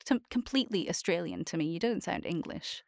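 A woman's voice: fairly low pitch, big pitch swings, a little fast, vocal fry, a little mellow, dry recording, clean studio sound. A woman with a Scottish accent chatting casually, teasing and laughing often. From Scotland. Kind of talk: casual chat.

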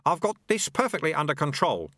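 A man voicing an unhurried, mildly teasing old man in an audiobook. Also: a little high, big pitch swings, a bit bright, dry recording, studio quality, pitched above the performer's own voice. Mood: unbothered. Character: calm, cocky old man sweeper.

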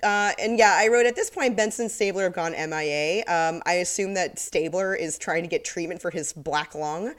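Low-voiced woman podcast co-host. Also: normal speed, hardly any pauses. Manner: laughs often, acts out quotes. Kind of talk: casual chat recapping a TV episode.

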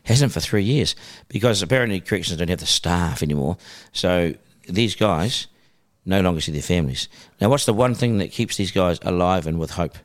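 Low-voiced, lively New Zealand man. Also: normal speed, hardly any pauses. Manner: animated, acts out phone calls in character voices. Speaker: broadcaster guest. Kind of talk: casual storytelling.

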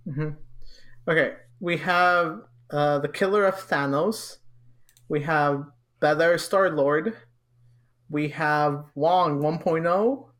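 A man's voice: on the high side, takes it slowly, a bit bright. A young man co-hosting a casual podcast, joking sarcastically and often restarting his sentences. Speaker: podcast co-host. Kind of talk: casual chat.

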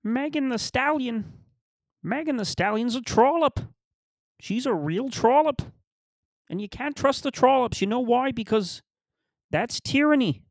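Man impersonating a high, shrill lecturing pundit, pompous and rambling, voice set apart from his own. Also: expressive, a little slow, pauses often, dry recording, clean studio sound, exaggerated voice. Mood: preachy. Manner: high-pitched preachy ranting.

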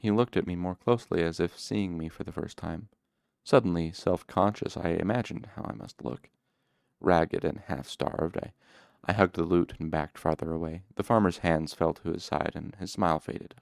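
A man reading a novel aloud in the first person, with measured, steady storytelling. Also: low voice, creaky, no echo, clean studio sound. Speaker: audiobook reader.

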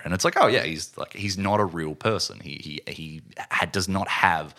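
Deep guy on a movie podcast, laughs a lot, punchy bright voice. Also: normal speed, few pauses. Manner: animated, laughing often. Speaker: podcast co-host. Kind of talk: casual film discussion.

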